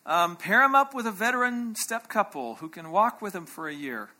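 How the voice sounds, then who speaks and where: A man's voice: high voice, animated, moderate pace, sharp tone. A man teaching a conference breakout session in an emphatic way. He keeps checking in with his listeners and acts out short quoted voices. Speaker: workshop speaker.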